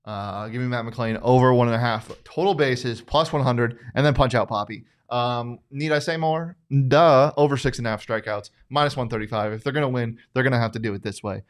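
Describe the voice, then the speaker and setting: A man's voice: medium pitch, a little fast, hardly any pauses. A man hosting a casual sports betting chat, bantering and joking with many restarts. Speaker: sports betting show host.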